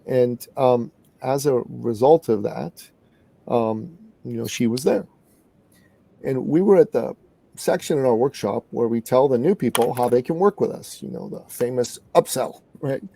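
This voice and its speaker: A middle-aged man from Canada telling a story in an interview as a guest business coach, earnest and animated. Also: mid-range voice, a little slow, gravelly, no room sound.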